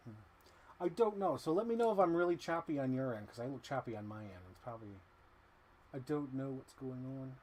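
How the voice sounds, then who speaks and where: A man's voice: mid-range voice, expressive, a little fast, a little mellow. Rambling man chatting on a live stream. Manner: rambling, self-talking while arranging things. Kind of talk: casual live stream chat.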